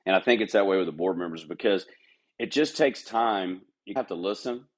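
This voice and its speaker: A middle-aged man with a fairly low voice, a golf club manager, is a guest on a podcast for a casual interview chat. He speaks candidly, telling workplace stories and slipping into quick impressions of the people he quotes.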